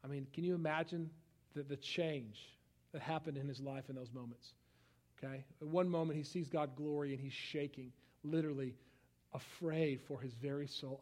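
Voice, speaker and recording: A young man preaching a sermon in a conversational style, swinging from hushed tones to loud outbursts. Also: a little high, steady tone, moderate pace. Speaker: pastor.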